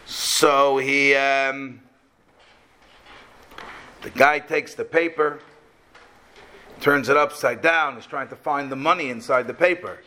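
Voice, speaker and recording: A man's voice: medium pitch, fairly even intonation, slow pace, pauses often, pushed and bright. A man giving a storytelling religious lesson, animatedly retelling a tale and then urging its moral directly. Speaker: religious teacher.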